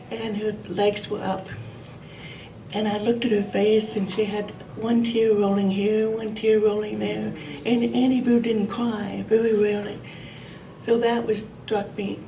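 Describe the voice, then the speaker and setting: An older woman recounts a personal memory to a gathered group. She speaks gently and reflectively at an ordinary pitch. Her voice reaches the mic from a distance in a roomy, reverberant hall, with faint noise behind. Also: gravelly. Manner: warm, laughing, gentle and reflective. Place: meeting room.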